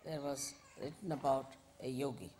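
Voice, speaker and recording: A woman spiritual teacher, giving an informal, unhurried talk with gentle asides. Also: a bass voice, fairly even intonation, a little hiss or hum.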